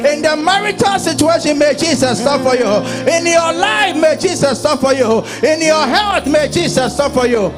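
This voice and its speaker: High-voiced preaching pastor. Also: male voice, expressive, normal speed, hardly any pauses, over music. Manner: preaching with shouted, sung passages. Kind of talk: sermon.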